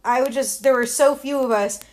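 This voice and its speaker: Relaxed slangy young woman. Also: high voice, brisk. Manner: relaxed, slangy, talks in fragments. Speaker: co-streamer. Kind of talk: casual chat on a stream.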